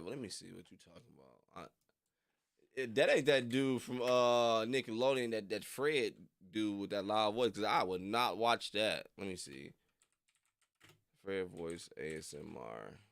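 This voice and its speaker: A man's voice: low voice, normal speed, gravelly, no echo. A young man rambling casually on a livestream, full of slang and frequent laughter. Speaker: reaction streamer.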